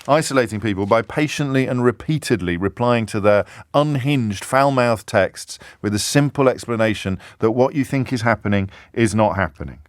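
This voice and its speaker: A man's voice: mid-range voice, moderate pace, few pauses, no room sound. A man hosting a radio talk show, reading messages aloud with sardonic, incredulous commentary. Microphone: studio microphone.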